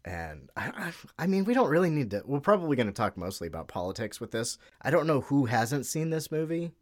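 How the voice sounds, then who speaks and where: A man with a mid-range, sing-song voice talks fairly quickly as a podcast guest in casual political chat. He rambles and jokes, sometimes losing his thread.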